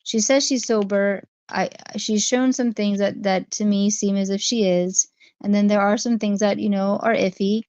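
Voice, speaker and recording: A woman's voice: mid-range voice, steady tone, normal speed, a little mellow, clean tone, no room sound. A woman hosting a casual livestream, talking through her viewers' chat comments one by one. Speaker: livestream host. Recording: dry, dull lo-fi stream audio.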